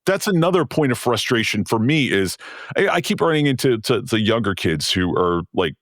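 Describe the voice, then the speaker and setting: A man's voice: medium pitch, sing-song, moderate pace, no echo, clean studio sound. A man co-hosting a casual podcast chat, ranting with frustration and mocking the people he quotes. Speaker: podcast co-host.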